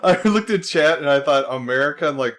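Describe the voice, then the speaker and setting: A man's voice: fairly high pitch, lively intonation, a little fast, music in the background. A man streaming live, chatting casually, musing aloud and laughing often as he goes.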